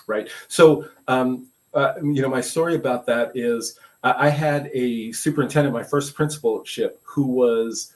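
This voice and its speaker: A man's voice: medium pitch, unhurried, hardly any pauses, a little mellow, rough recording. An older man from Brooklyn, a veteran school administrator, telling stories in a casual, rambling way with many restarts and asides. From Brooklyn, New York. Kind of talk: casual conversational storytelling.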